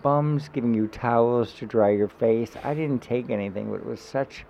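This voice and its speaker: A man with a gravelly, creaky voice tells a heartfelt personal story during a podcast conversation. He is animated and swears freely. The recording is slightly dull, with faint noise behind him. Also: medium pitch, normal speed. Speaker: guest. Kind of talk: emotional storytelling in a podcast chat.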